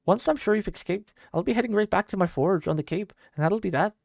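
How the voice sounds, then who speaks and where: Give me a man playing a brusque, protective old blacksmith with a gravelly edge. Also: high voice, fast, darkish tone, no room sound, clean studio sound, pitched above the performer's own voice. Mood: gruffly tender. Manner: brusque, urgent, scolding. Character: gruff old male blacksmith, gruffly kind and protective.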